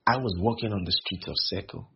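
A male preacher, repeating phrases for emphasis and slowing on key lines. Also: on the low side, a little hiss or hum. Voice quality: gravelly and very husky. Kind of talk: sermon. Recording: dull lo-fi recording.

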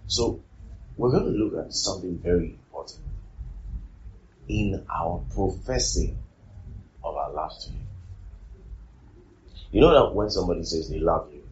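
Deep-voiced man preaching, lo-fi sound. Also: lively intonation, moderate pace, pauses often, darkish tone, slight background noise. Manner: repeats phrases, asks rhetorical questions. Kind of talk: sermon.

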